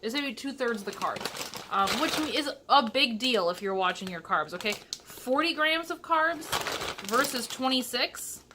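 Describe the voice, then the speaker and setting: A woman's voice: a little high, lively intonation, moderate pace, background noise. A young woman from Michigan chatting casually through a cooking vlog in her home kitchen, with sassy asides. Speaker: vlogger.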